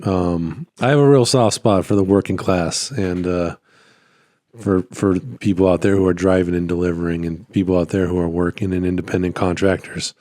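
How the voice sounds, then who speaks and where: A man vlogging about his small business in a rambling, relaxed way, his voice a little worn. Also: deep voice, normal speed, dry recording, studio quality. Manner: rambling, relaxed, lots of fillers and restarts. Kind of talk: casual talking-head vlog. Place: at home by his computer. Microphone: phone.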